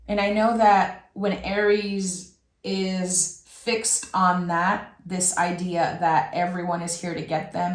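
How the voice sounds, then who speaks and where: Slow, soft-spoken woman reading tarot. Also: lowish voice, reverberant. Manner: slow, soft and emotional, with drawn-out phrases. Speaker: tarot reader.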